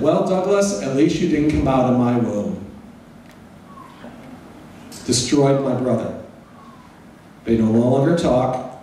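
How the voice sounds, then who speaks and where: A man's voice: medium pitch, mellow, slight background noise. A middle-aged man giving a personal storytelling lecture, candid and mixing in humor. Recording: echoey hall, voice from far off.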